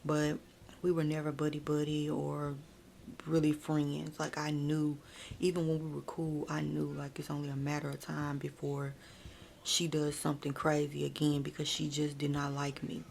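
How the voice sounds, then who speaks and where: A woman's voice: sits low, monotone, moderate pace, vocal fry, darkish tone, a little hiss or hum. A woman chatting through a casual ASMR storytime, talking straight to her viewers and using "like" a lot, close to the mic. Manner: chatty, frequent "like" and "y'all"; addresses viewers directly.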